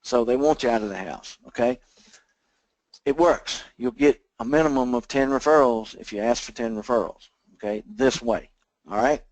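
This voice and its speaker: A man's voice: medium pitch, normal speed, a little mellow, dry recording, low-quality recording. A man giving sales training, talking straight to his listeners and often checking in with "okay?". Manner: acts out both sides of sales conversations. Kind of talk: instructional training talk.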